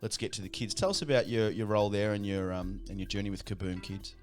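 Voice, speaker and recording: Chatty radio host, laughs easily. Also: male voice, lowish voice, fairly even intonation, fast, darkish tone, faint music behind. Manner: laughs often, chatty and encouraging. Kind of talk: casual radio chat.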